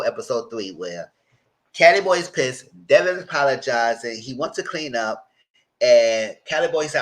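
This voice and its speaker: A chatty man speaking, recapping a reality show in loose, conversational commentary. His voice sits at a middle pitch, neither high nor low. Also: lively intonation, normal speed, a bit bright, poor audio. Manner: chatty and conversational, breaks into high mock voices when quoting.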